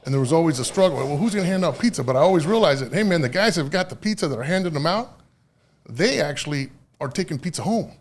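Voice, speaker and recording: Man, middle-aged, gravelly voice, casual podcast storytelling, profane, switches into Spanish, lots of uhs and restarts. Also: fairly high pitch, lively intonation. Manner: profane, mixes Spanish phrases into English; halting, with many fillers and restarts. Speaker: podcast guest, union official.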